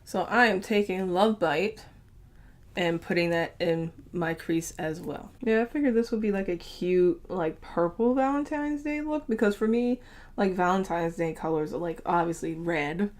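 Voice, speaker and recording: A young woman chats through a makeup tutorial in a relaxed, upbeat way. Her voice sits on the low side, and she often laughs and fills pauses with "like" and "um". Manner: chatty, upbeat, laughs often, lots of fillers. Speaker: beauty vlogger.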